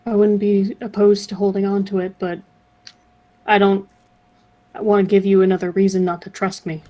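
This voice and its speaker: A woman playing a tabletop game, speaking in a measured, polite way. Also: medium pitch, little pitch movement, warm tone, dull audio. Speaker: player. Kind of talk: casual chat in a tabletop game.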